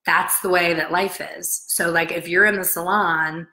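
A woman's voice: lowish voice, measured pace, rough recording. A middle-aged woman who owns a salon, giving a casual, blunt motivational talk to camera and acting out the people she quotes. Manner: chatty, blunt, animated, acts out quotes. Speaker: salon owner and hair colorist coach.

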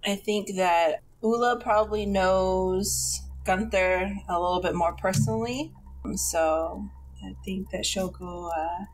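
Slow-spoken woman role-playing. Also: medium pitch, steady tone, slight background noise, rough recording. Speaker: player. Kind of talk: in-character tabletop role-play.

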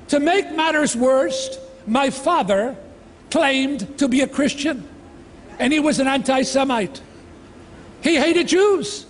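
A man in his sixties giving an emotional personal testimony in a slow, dramatic delivery with heavy pauses, speaking in a large outdoor amphitheatre. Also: extremely high pitch, a little hiss or hum. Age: 60s. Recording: long reverb from a large venue, faint ambience.

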